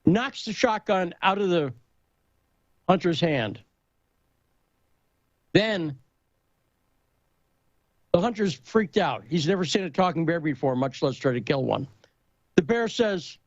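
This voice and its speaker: A man in casual talk-show conversation, telling a story and joke with lively emphasis. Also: on the high side, slow pace, long pauses, no echo, lo-fi sound.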